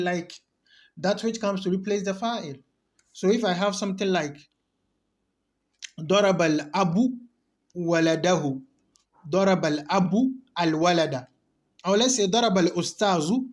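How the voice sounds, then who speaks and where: A man's voice: sits high, measured pace, pauses often. A man teaching an Arabic grammar lesson in English. He explains step by step, repeats key terms and asks rhetorical questions.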